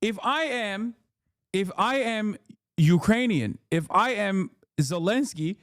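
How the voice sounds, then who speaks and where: A man's voice: sits high, animated, slow pace, a bit bright, dry recording, clean studio sound. A man in his thirties giving casual live-stream commentary on the news, ranting in a heated, sarcastic and profane way.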